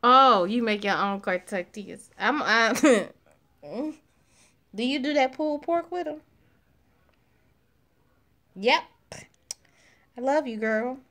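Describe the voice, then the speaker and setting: Slow, slangy, laughing woman chatting with viewers. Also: a little high. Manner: loud, slangy, laughs often, talks to chat. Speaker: livestream host chatting with viewers. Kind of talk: casual chat reading live comments.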